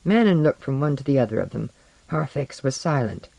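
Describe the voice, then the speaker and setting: Audiobook narrator, lively up and down voice, super dry close sound. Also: medium pitch, a little fast, gravelly, dry recording.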